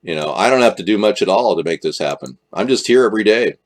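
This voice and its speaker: This livestream host talks quickly with lively intonation in a fairly low male voice. He runs a political stream, wandering through jokes and often slipping into over-the-top voices.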